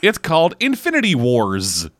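A man co-hosting a casual podcast, quick and animated, jumping in with corrections. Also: fairly high pitch. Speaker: podcast co-host.

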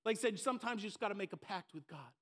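Man pastor, very high pitch, fervent live sermon in church, big swings from loud to soft. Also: lively intonation, racing. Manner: impassioned, swinging between loud emphasis and hushed asides. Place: church stage before a congregation.

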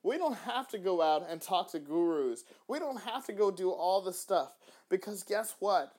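A man hosting a faith-based podcast, talking in an animated way with frequent restarts. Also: high-pitched, moderate pace. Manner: animated, acts out little dialogues, frequent restarts. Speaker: podcast host.

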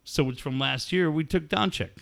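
A middle-aged man telling a story in casual chat, animated and profane, often laughing. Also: on the high side, moderate pace, gravelly.

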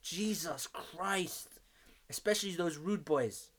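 A man's voice: high-pitched, slow pace. A man telling stories in casual chat, full of slang and swearing. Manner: animated storyteller, heavy street slang and swearing.

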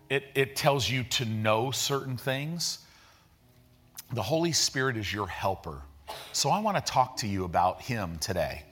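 Man preaching in a casual, lively way. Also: medium pitch. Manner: conversational preaching with slang and vivid retellings. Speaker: pastor. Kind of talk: sermon.

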